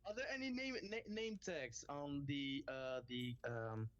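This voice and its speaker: A man's voice: on the high side, sing-song, unhurried, highs cut off, a crowd in the background. A man playing at a tabletop game table in casual chat, eager and stumbling over his words. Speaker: player.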